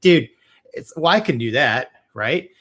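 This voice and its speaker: A man co-hosting a casual podcast, pausing and searching for words as he weighs a point. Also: mid-range voice, expressive, fairly bright tone. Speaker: podcast co-host. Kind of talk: casual chat.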